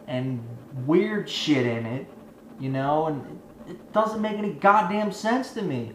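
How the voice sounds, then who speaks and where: A man's voice: fairly high pitch, lively intonation, slow pace, slight background noise. A man giving a profane, rambling movie review rant, exasperated and swearing constantly. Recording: echoey room with faint ambience.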